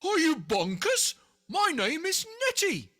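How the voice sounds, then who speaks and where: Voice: medium pitch, very animated, slow pace, slightly rough, heavily acted. A reader voicing an exasperated, howling female monster in a picture-book read-aloud. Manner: exasperated, shouting.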